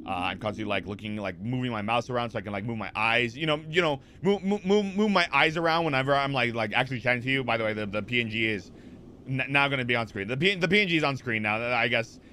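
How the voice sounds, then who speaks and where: A man streaming from his home setup talks straight into a desk mic, with a clear, bright, forward voice. He rambles through chat messages, answers viewers on the fly and keeps circling back with "like" and "you know". His pitch sits in the middle of the male range. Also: fast, slight background noise. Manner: rambling, animated, lots of fillers and repeats; reads chat messages aloud and answers them. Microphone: desk microphone.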